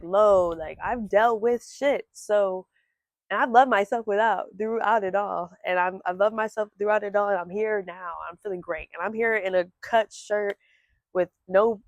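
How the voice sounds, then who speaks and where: A woman's voice: mid-range voice, no room sound. A young woman vlogging to camera from home, talking candidly and rambling, swearing freely. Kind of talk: casual talk to camera.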